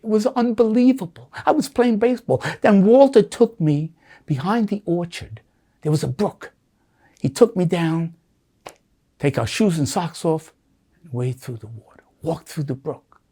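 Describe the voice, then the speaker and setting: A man's voice: sits high, lively intonation, unhurried, dark tone, slightly rough. An older blind man from the United States, an interviewee telling his life story with feeling, acting out the voices of people he remembers. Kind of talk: emotional storytelling.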